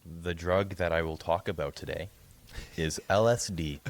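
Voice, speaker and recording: A young man co-hosting a podcast, rambling through a profane, animated story in casual chat. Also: low voice, normal speed, no echo. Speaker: podcast co-host.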